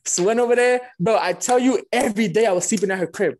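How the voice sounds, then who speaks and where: A man, telling a dating story in a loose, animated, slangy way and acting out both sides of each exchange. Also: high-pitched, quick pace. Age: 20s. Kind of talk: casual storytelling.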